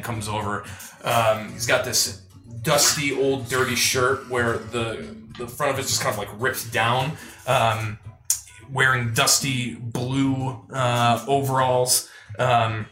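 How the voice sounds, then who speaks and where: A man running a tabletop game as game master, narrating with many hesitant pauses. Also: medium pitch, sharp tone. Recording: echoey room.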